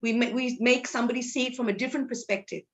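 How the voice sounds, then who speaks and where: Fast-talking Assamese-accented woman counsellor. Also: a little high, fairly even intonation, highs cut off. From Assam, India. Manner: explanatory, mixes English with Assamese. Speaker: psychology counsellor. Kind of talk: interview answers.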